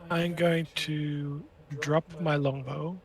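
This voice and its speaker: Male player, gravelly and higher-pitched, unhurried. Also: little pitch movement. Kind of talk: casual tabletop game talk.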